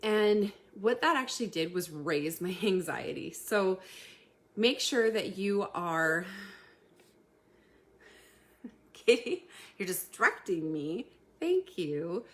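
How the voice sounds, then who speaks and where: A woman hosting a casual live talk to her community, chatty, laughing often and filling pauses with ums. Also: medium pitch, sing-song, fairly bright tone. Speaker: community host giving tips.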